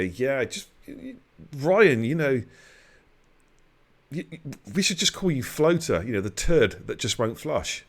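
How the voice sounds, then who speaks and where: A middle-aged man, hosting a live sim racing stream with loud, excitable hype and cheeky banter. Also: mid-range voice, slow pace, pauses often. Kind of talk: live esports race commentary.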